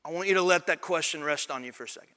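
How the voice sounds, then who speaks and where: High-voiced preacher in a big echoing hall. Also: male voice, very fast, sharp tone. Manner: preaching with rising emphasis and repetition. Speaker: pastor. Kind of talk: sermon.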